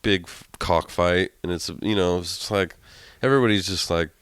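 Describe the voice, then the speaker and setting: Young male podcast co-host, blunt and profane, low voice, close dry mic. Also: moderate pace, fairly bright tone, clear, resonant tone, no echo. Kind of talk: casual chat.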